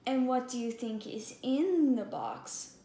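A woman's voice: high voice, animated, takes it slowly, mellow. Bossy little girl friend voiced by a woman, insistent and teasing, echoey room. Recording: echoey room, faint background hum.

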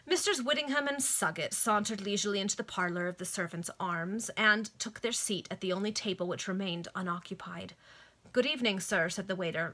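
A woman narrates a novel for friends over a video call. Her reading is expressive and lightly amused, and her voice is bright and forward. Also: mid-range voice. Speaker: reader.

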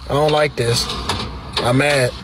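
A man from the United States giving comedic reaction commentary, loud and slangy, with exaggerated outrage and repeated protests. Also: mid-range voice, fairly even intonation, unhurried, noisy background. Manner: slangy, playful talk. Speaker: reaction video creator.

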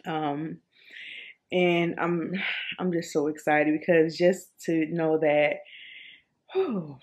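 A woman in her thirties telling a personal story in a casual vlog, animated and expressive, with many fillers and repeated words. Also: deep voice, slow. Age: 30s. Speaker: vlogger.

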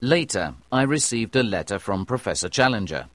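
A man narrating a graded-reader story with clear, measured delivery. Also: lowish voice, big pitch swings, a bit bright, no room sound. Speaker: audiobook narrator.

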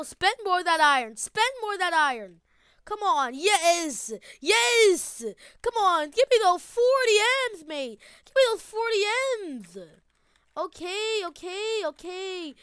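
A woman giving excitable gameplay commentary, laughing often and repeating her phrases. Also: extremely high pitch, no echo. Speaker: gamer.

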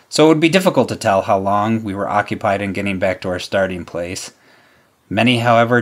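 A man reading a wartime memoir aloud as solemn, measured narration, letting his voice drop at the ends of lines. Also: sits low. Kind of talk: scripted narration.

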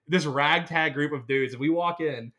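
A young man co-hosting a casual podcast, his voice sitting a little high and sounding notably bright and forceful. He rambles through stories with plenty of "like" and loose, profane asides. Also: moderate pace. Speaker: podcast co-host. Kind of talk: casual chat.

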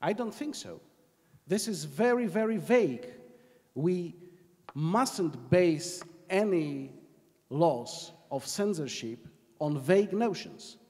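A man's voice: fairly high pitch, expressive, a little mellow. Polish man debating in a reverberant hall. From Poland. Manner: argumentative, measured with hesitations. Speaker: panel guest, journalist. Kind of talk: panel debate. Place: large conference hall.

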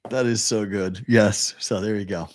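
A man's voice: fairly low pitch, fairly even intonation, moderate pace. A man with a Boston accent co-hosting a casual sports talk show, telling stories and laughing often. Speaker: co-host.

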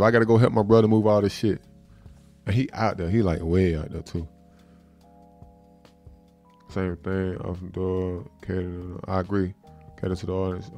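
Laid-back low-voiced man on a livestream. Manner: laid-back, loose and profane, repeating filler phrases. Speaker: livestream host. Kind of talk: casual livestream chat.

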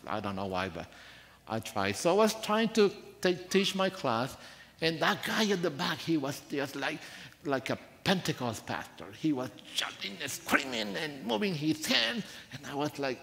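A man preaching a sermon in a church, soft-spoken and earnest, telling a personal story with rising emphasis. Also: fairly high pitch, very animated, moderate pace, gravelly. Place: church sanctuary. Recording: church hall reverb.

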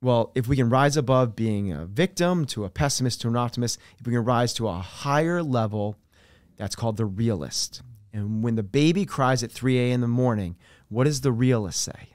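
A man speaking as a podcast guest and coach, explaining his ideas earnestly with everyday examples and dropping his voice softer on key terms. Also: mid-range voice, normal speed, no room sound, clean studio sound. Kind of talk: conversational podcast interview.

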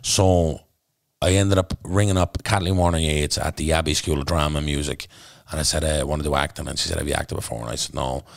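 A man's voice: rumbling low, steady tone, quick pace, creaky, dry recording, studio quality. A man with a Dublin accent, a podcast guest telling his story bluntly and intensely, swearing freely. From Ireland. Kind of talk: candid storytelling in conversation.

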